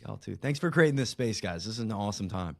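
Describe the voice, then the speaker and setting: Animated rambling male podcast guest. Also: on the low side, quick pace, creaky, no room sound, studio quality. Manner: animated, rambling, with frequent restarts and slang. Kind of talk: casual conversational interview.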